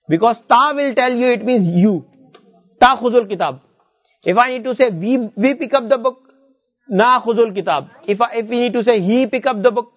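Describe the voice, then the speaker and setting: High-voiced man teaching Arabic. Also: lo-fi sound. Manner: explains step by step, repeats words, reads Arabic verses aloud. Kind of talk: classroom lesson.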